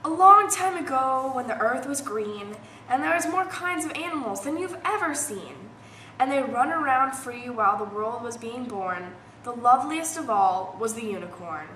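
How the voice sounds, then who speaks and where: A woman's voice: a little high, animated, normal speed, bright, forceful tone. A young woman from Colorado reading children's poems aloud expressively, stumbling over a word now and then. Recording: echoey room, faint noise.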